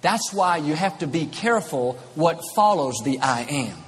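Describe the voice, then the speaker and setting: Male preacher, slightly high voice, emphatic sermon delivery, reverberant hall, faint ambience. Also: expressive, normal speed. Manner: emphatic, repetitive.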